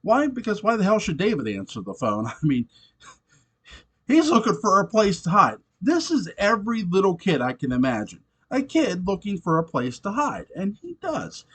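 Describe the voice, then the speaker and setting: A man casually reviewing a TV episode, animated and swearing often, laughing between points. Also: sits high, normal speed, husky. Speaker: show reviewer.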